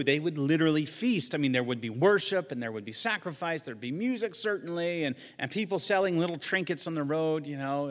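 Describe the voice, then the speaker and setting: Guy preaching a sermon, kinda high voice, chatty and jokey, long echo like a big church hall. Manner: conversational, joking asides, acts out quoted lines. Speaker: pastor.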